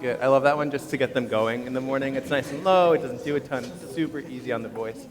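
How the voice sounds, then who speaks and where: A man, a choir teacher, leading vocal warm-ups at a school concert in an upbeat, encouraging, instructive way. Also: medium pitch, fast, loud music behind the voice. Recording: long hall reverb with audience.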